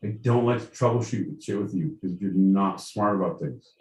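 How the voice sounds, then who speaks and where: On a podcast livestream, a deep-voiced co-host swears in exasperation and mocks his partner amid profane, casual banter, speaking at a moderate pace. A loud crowd can be heard, and he sounds far from the mic in an echoey room.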